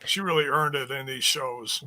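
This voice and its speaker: A man co-hosting a wrestling podcast, chatting casually with quick joking asides. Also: medium pitch, pushed and bright, no echo. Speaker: podcast co-host.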